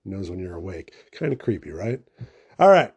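Young man, solo podcast host, rambling, profane, self-mocking, mellow dark tone. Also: low-pitched, very animated, a little fast, slightly rough. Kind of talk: casual solo podcast monologue.

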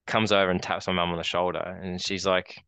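A man's voice: low-pitched, flat delivery, a little fast, sharp tone, smooth, no echo. An Australian man in his forties, co-hosting a podcast and telling a long rambling story with many restarts. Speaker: podcast co-host. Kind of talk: casual chat.

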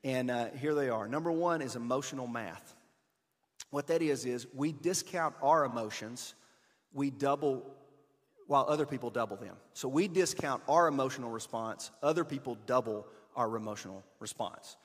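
A man preaching a conversational sermon, switching between emphatic bursts and hushed asides. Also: mid-range voice, normal speed, big-room sound. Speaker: pastor.

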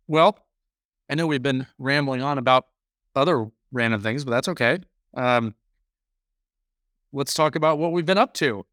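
A man co-hosting a podcast, telling a long story in a rambling, animated way during casual chat. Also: mid-range voice, normal speed, long pauses, dry recording, clean studio sound. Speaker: podcast co-host.

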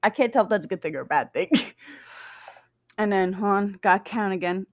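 A woman's voice: medium pitch, fairly quick, no room sound, clean studio sound. A woman casually reading a document aloud, breaking off for joking, swearing asides and stumbling over dates. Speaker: reader of SCP documents.

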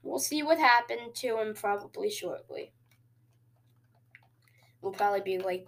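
A woman hosting casual video game commentary, excitable and jokey, with sudden cheers and quiet asides. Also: mid-range voice, measured pace, vocal fry, pauses often, slight background noise. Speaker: host.

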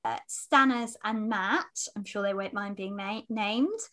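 A woman's voice: medium pitch, measured pace, pushed and bright. A woman co-hosting a podcast in casual chat, bubbly and laughing between phrases. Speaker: podcast co-host.

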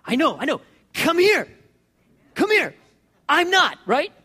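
A preacher voicing a patient, beckoning divine teacher who keeps calling someone closer, repeating his gentle call again and again. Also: very high-pitched, huge pitch swings, slow, pitched above the performer's own voice, exaggerated voice. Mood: coaxing.

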